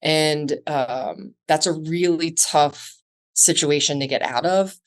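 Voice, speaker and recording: A woman's voice: low-pitched, slow. A woman guest on a podcast, talking through a scenario in a storytelling way and acting out the quoted dialogue. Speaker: guest, self-defense instructor. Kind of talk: conversational podcast interview.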